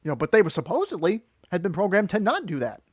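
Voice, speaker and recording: A man's voice: sits high, very animated, quick pace, no room sound, studio quality. A man giving critical, exasperated reaction commentary that rambles and restarts. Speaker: video commentator.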